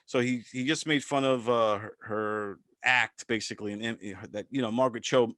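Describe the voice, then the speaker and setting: A man's voice: medium pitch, steady tone, moderate pace, fairly bright tone, no room sound. Dry-sounding chatty male podcast host. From part Filipino descent. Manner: rambling with restarts and stammers. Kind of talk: casual commentary chat.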